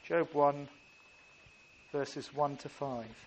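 A man's voice: on the high side, fairly even intonation, extremely slow. A man preaching a sermon, earnest and emphatic, often stopping to restart a phrase. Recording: faint ambient background noise.

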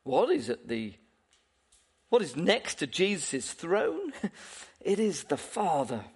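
Delivering a sermon, a man speaks slowly in a fairly high, husky voice that swoops up and down with lively energy. He keeps putting questions to the congregation, lets out short chuckles, and restarts phrases as he goes.

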